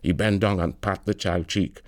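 A man's voice: sits low, steady tone, normal speed, no echo, studio quality. A man reading an audiobook aloud in dialect, with a lilting storytelling manner. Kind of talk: audiobook narration.

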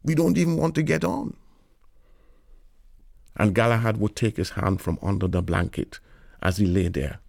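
A man's voice: sits low, gravelly, a little mellow, no room sound, studio quality. A man reading literary fiction aloud in a wry, lilting storytelling manner. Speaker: narrator.

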